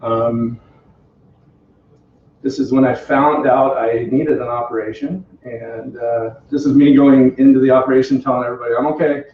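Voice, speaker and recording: A man's voice: mid-range voice, steady tone, normal speed, slight background noise. Guy telling a funny story at home, laughs a lot, roomy room, kinda muffled far away mic. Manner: chatty, self-deprecating, laughs often, quotes others. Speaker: company representative telling his story. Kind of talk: casual storytelling to a small group. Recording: roomy, distant, dull home video.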